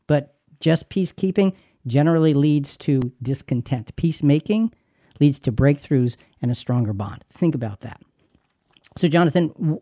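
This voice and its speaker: A man's voice: fairly high pitch, warm tone, no room sound. Emphatic preacherly man, dry studio. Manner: emphatic, preacherly, repeats words. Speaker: Christian radio co-host. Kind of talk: scripted marriage teaching.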